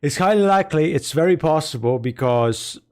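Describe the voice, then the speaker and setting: A man's voice: fairly high pitch, lively intonation, moderate pace, a little mellow, smooth. A man live-streaming, talking through game lore in a rambling way and correcting himself as he goes. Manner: rambling, self-correcting, speculative. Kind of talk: casual live-stream commentary.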